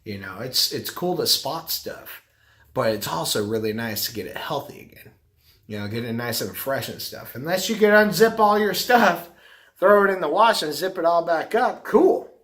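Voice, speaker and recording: A man's voice: fairly high pitch, animated, normal speed, a bit bright. A middle-aged man talking casually to the camera, rambling and repeating himself. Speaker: vlogger, carpet cleaner and business owner.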